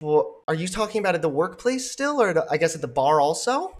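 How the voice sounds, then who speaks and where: A man's voice: on the high side, sing-song, brisk, few pauses. A man hosting reaction commentary in a sarcastic, scornful and profane way. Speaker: commentary host.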